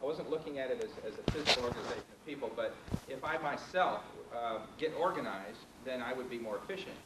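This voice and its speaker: Fast-talking man asking from the floor. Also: medium pitch. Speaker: audience member. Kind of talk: question from the floor. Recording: echoey room with background noise.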